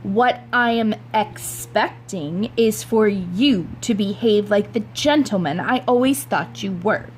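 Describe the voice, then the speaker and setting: A woman reading aloud voices a determined suburban mother who gives brisk, commanding orders. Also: medium pitch, a little hiss or hum, lightly acted. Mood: firm.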